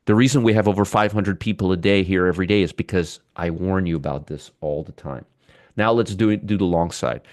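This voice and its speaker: Low-voiced man talking stocks live. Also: a little fast, no room sound, studio quality. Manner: chatty, reads viewer comments, jokes and teases. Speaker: stock market show host. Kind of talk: live market livestream commentary.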